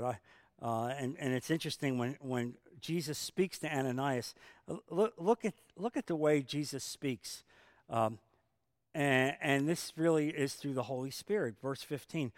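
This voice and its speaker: A man preaching a sermon as pastor, emphatic, with rhetorical questions and sudden swings in loudness. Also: mid-range voice, measured pace, dry recording, clean studio sound, big-room sound.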